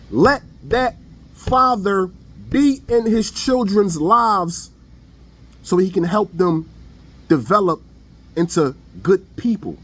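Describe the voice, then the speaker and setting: Blunt preachy guy ranting online, pretty high voice for a dude, slangy. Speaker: online commentator. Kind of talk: casual opinion monologue.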